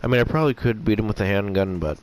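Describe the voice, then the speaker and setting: A man giving rambling, hesitant commentary on a game he plays, often clearing his throat as his voice gets rough. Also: fairly low pitch, very fast, slight background noise. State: voice getting rough. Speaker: gameplay commentator. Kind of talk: casual let's-play commentary.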